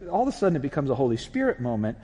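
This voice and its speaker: A man preaching a sermon as pastor, telling a personal story in an animated way and acting out the voices in it. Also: mid-range voice, rapid-fire, slightly rough, in a large hall.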